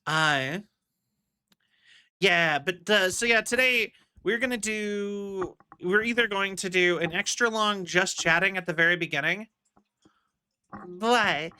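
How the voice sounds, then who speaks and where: Rambling streamer chatting w viewers, bright clear voice, says y'all a lot. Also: mid-range voice. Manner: uses "y'all". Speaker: live streamer. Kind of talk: casual stream chat.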